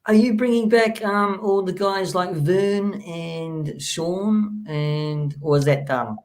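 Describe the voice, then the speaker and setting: A man hosting a casual chat, giggly and quick to agree. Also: sits high. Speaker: host.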